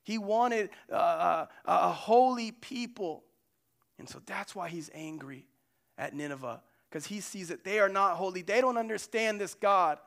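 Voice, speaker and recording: A man's voice: sits high, measured pace, vocal fry, fairly bright tone. A man preaching a sermon as pastor, in a casual, conversational way with slangy asides.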